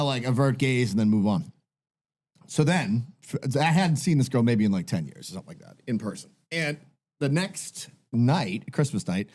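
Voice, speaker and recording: A man's voice: medium pitch, darkish tone. A man in his thirties co-hosting a podcast, telling rambling, self-deprecating anecdotes with lots of fillers. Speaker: podcast co-host. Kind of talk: casual chat.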